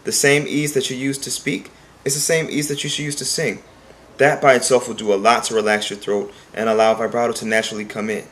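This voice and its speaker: Earnest male vocal coach, mid pitch. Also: little pitch movement, brisk, a bit bright. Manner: talks plainly and sings short demonstration phrases; earnest, repeats points for emphasis. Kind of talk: singing lesson.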